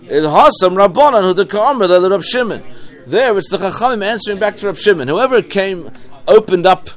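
Man teaching Talmud, rather high voice. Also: expressive, a little fast. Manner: translating Aramaic phrase by phrase, explanatory. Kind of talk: Talmud study class.

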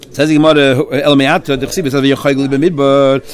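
A man's voice: medium pitch, flat delivery, fast talker. A man leading a Talmud study discussion, arguing and questioning, sprinkling in Hebrew and Yiddish terms. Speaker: Torah study teacher.

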